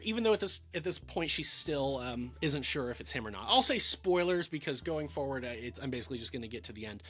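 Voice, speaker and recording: A man's voice: medium pitch, lively intonation, fast talker, hardly any pauses, a bit bright, husky. A man giving a casual film review, rambling with lots of fillers and stammered restarts.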